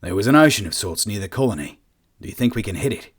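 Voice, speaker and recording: A man voicing a stressed human ship captain who swears a lot and talks in a gruff, exasperated way. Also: lowish voice, expressive, fast. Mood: commanding.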